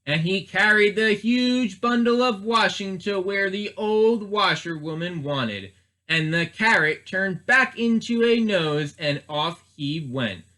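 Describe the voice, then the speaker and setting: A man's voice: sits high, expressive, takes it slowly, bright, forceful tone. A man, a children's librarian, reading a storybook aloud expressively and asking the listeners questions.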